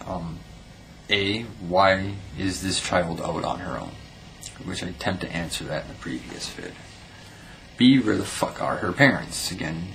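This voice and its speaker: Deep gravelly young guy ranting thru a vlog, swears a lot, keeps restarting, bit of hiss. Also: low-quality recording. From United States. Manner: blunt and profane, swears at commenters; stumbling restarts. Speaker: vlogger reading viewer comments. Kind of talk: angry commentary vlog.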